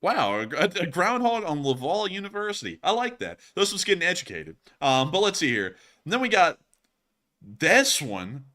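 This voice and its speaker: A man hosting a casual live stream, excitable and laughing often, with sudden loud exclamations. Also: sits high, normal speed. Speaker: livestream host.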